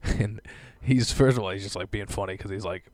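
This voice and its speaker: A man's voice: lowish voice, a little fast, a little mellow, no echo, clean studio sound. A young man hosting a casual podcast from home, a stand-up comic who laughs often and jokes crudely.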